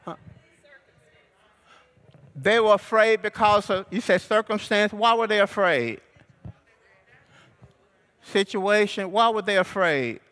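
Preacher guy, high bright voice, does call and response and gets loud. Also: slow, long pauses. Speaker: pastor. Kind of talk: sermon. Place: church sanctuary.

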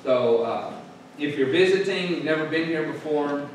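A man's voice: fairly high pitch, animated, normal speed, slight background noise. A man, a pastor, preaching a sermon and drawing the congregation into call-and-response. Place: church sanctuary. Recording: echoey church room, voice from a distance.

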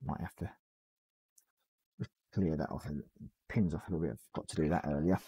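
A man hosting a live hobby stream, hoarse and losing his voice, casually talking through a miniature build and apologising. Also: very deep voice, steady tone, brisk, warm tone. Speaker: hobby livestream host.

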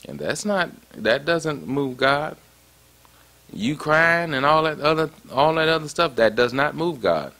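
A man's voice: a little high, lively intonation, measured pace, sharp tone. A man preaching a sermon in a conversational way, often stopping to ask "you see that?". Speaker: pastor.

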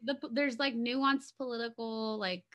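A woman in easygoing podcast talk, teasing, joking and backing up her friend. Her voice sits a little high, and her tone is bright and forward. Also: fairly even intonation, normal speed, lo-fi sound. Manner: playful, joking, hypes up her co-host. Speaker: book club co-host. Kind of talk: casual chat.

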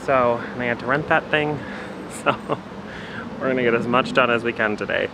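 A man's voice: medium pitch, moderate pace. Easygoing man chatting outdoors over noise. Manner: easygoing, chatty, addresses viewers directly. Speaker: home gardening vlogger. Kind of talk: casual chat to camera. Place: outdoors in a backyard garden. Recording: noisy outdoor recording.

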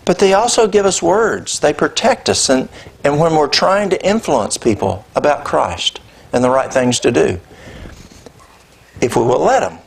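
A man preaching a sermon, telling a personal story in a conversational, animated way. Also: fairly high pitch, unhurried, vocal fry, husky. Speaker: pastor. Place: church.

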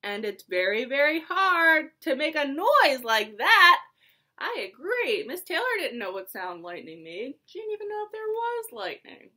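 A young woman teaching preschoolers over video, talking in a slow, singsong, encouraging way. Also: sits high, very animated, pushed and bright. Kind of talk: online circle time for young children. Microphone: phone or camera held close, adjusted mid-video.

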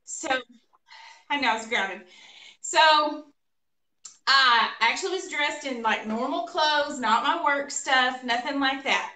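A woman co-hosting a live show, telling a funny story about her day in an animated, laughing way. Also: high voice, slow pace. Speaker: co-host of a painting livestream. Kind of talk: casual storytelling chat. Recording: echoey room, voice a bit far from mic.

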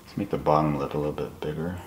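A man quietly talking through a live portrait drawing in his apartment, soft-spoken with nervous asides. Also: rumbling low, steady tone, fast talker, roomy sound, a little hiss or hum. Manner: soft-spoken, murmured, self-conscious asides. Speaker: artist demonstrating drawing. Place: apartment room, indoors.

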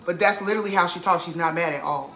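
A loud, assertive woman chats casually while she cooks. Her voice is bright and forceful. It rings around an echoey kitchen, with pots and dishes clattering behind her. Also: lowish voice, slight background noise. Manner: loud, assertive, quick to laugh. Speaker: vlogger. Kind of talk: casual family cooking vlog. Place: home kitchen.

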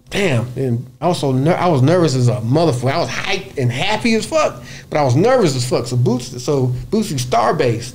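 A man who plays bass, guest on a radio interview, telling a story in a lively, profane way, acting out other people's voices and humming bass lines. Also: slight background noise. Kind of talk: animated storytelling in casual interview. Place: radio studio.

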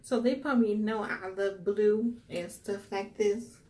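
At a measured pace, a young vlogger with a mellow, mid-range voice and fairly even intonation opens gifts on camera. She's gushing and a touch teary, with frequent "wow"s and plenty of y'all for her viewers.

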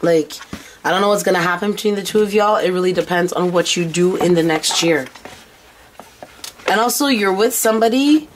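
A lower-voiced woman reading tarot cards in a casual, blunt way, cursing freely as she passes on messages she hears from spirit. A faint hiss sits under her voice. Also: brisk. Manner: blunt, swearing, talking as if relaying spirit messages. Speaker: tarot reader.

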